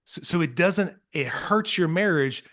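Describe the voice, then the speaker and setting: A man guest on a podcast, telling parenting stories with earnest, animated energy and acting out what others said. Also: high voice, a little slow. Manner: earnest, animated storytelling, acts out quotes. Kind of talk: casual podcast conversation.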